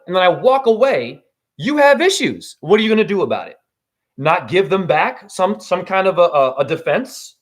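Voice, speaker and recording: Casting note: man in his forties, high voice with wide swings, livestream spiritual monologue, profane. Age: 40s. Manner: swings from low preaching to high shouts, swears. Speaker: spiritual teacher.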